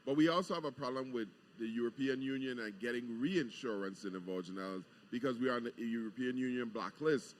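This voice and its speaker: Laughing, easygoing middle-aged governor. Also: male voice, medium pitch, brisk, few pauses. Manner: laughs easily, explains patiently. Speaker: governor, guest. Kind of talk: casual radio chat, explaining policy. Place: outdoor deck at a live broadcast.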